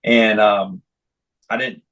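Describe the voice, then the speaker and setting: A man's voice: fairly low pitch, slow pace, rough recording. A middle-aged man, a football official telling stories of his career as a podcast guest, acting out old phone calls. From Texas. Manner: animated anecdotal storytelling, acts out phone calls. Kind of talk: storytelling interview.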